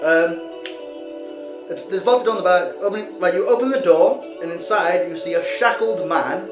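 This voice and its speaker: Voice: mid-range voice, moderate pace. A game master narrating a tabletop game, hesitant with many ums. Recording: roomy recording with music behind.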